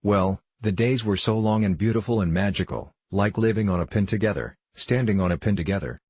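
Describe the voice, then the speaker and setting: A man's voice: lowish voice, fairly quick, a little mellow, breathy edge, no room sound. A man giving candid interview answers, telling a personal story in a reflective, heartfelt way.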